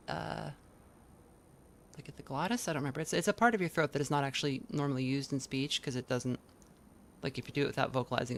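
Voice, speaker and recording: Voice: medium pitch, creaky, slight background noise. A game streamer in casual let's play commentary, rambling with many fillers and restarts while speaking into a desk mic. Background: game music.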